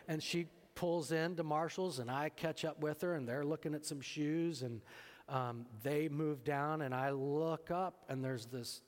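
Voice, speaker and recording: A male pastor preaching a sermon, telling a story and acting out both sides of the conversation. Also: on the high side. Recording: long hall reverb.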